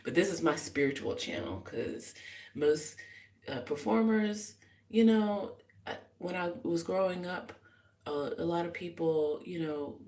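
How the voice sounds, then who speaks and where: A woman's voice: sits low, darkish tone. Rambling woman in an echoey bathroom. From United States. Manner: rambling and reflective, many fillers. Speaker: musician and vlogger. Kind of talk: casual live get-ready-with-me vlog. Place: small hotel bathroom indoors.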